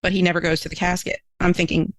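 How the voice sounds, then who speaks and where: A woman's voice: lowish voice, flat delivery, fast talker, no room sound, rough recording. A woman minister, a podcast guest, telling a personal story in an earnest, emotional way, her voice climbing when she is moved.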